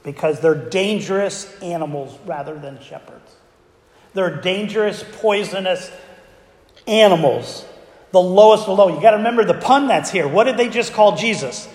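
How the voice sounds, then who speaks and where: In a church sanctuary, a male pastor with a high, slightly mellow voice preaches at a moderate pace. He speaks to his congregation conversationally and often poses rhetorical questions. The echoey hall gives the recording a long reverb.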